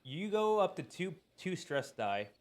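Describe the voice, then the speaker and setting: A man's voice: sits high, very animated, measured pace. A man running a tabletop role-playing game as game master, talking casually with lots of fillers and frequent laughs.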